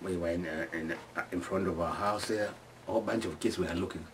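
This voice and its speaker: Halting man telling stories. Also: sits low, steady tone, distant mic, noisy background. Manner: halting, many restarts, acts out sounds and screams. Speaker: storyteller. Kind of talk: casual oral storytelling.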